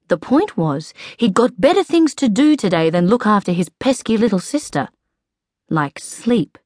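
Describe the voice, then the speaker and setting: A woman narrating a children's audiobook in a lively storytelling manner. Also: mid-range voice, no echo, studio quality.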